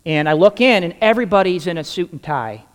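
A man's voice: sits high, animated, fast, in a large hall. A man preaching a sermon, telling a humorous personal story and acting out the dialogue before drawing the lesson. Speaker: pastor.

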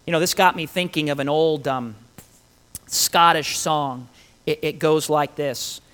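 A man preaching a sermon, emphatic and animated, with rhetorical questions and dramatic pauses. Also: a little high, clear, resonant tone. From Italian heritage.

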